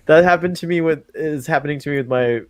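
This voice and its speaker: A man's voice: fairly high pitch, fast, no echo. Chatty laughing man, dry sound. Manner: laughs often, chatty and upbeat. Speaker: podcast co-host. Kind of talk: casual live-stream chat.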